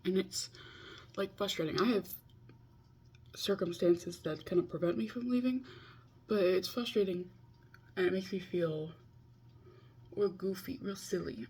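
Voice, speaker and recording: A woman's voice: on the low side, darkish tone, breathy edge. A woman in her twenties talking casually in a confessional vlog, chatty and self-mocking, scolding herself as she goes. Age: 20s. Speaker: vlogger. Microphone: video call.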